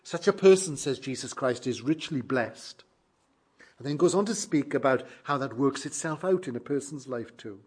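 A man preaching a sermon to his congregation, measured and emphatic, slowing down to stress key phrases. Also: mid-range voice, lively intonation, darkish tone, slightly rough.

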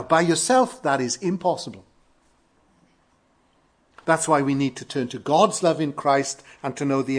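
A man from Wales with a Welsh accent, preaching an earnest sermon with emphatic rises and quiet falls. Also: fairly high pitch, husky. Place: church in London.

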